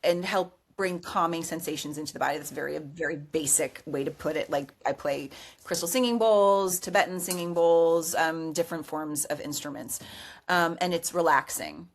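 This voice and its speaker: A woman's voice: sits low, moderate pace. A woman who is a meditation teacher and sound healer, a guest in a casual chat, telling stories animatedly and acting out what others said. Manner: animated storyteller, emotional, acts out quotes. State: tearful at times. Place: recording studio.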